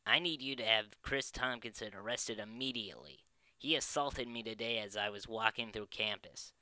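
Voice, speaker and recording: A man's voice: lowish voice, normal speed, sharp tone, smooth, no echo. A man voicing an indignant elderly male caller in a put-on old man voice.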